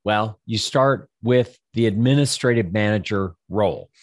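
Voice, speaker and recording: A man's voice: fairly low pitch, moderate pace, dry recording, studio quality. An older man coaching financial advisors in a rambling instructional talk, often repeating words and acting out the listener's objections.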